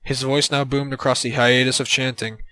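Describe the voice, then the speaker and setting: A man narrating an absurd comedic story in a deadpan way on a close mic. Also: medium pitch, moderate pace, no echo, poor audio.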